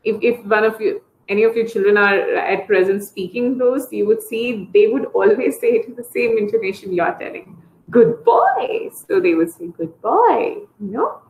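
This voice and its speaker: A woman therapist explains speech techniques to parents in an easy, mid-pitched voice. She often jumps into high, sing-song demonstrations of how to talk to small children. The sound is roomy and echoey, as from a video call. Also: a little fast, hardly any pauses. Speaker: early intervention therapist. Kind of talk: online parent training talk.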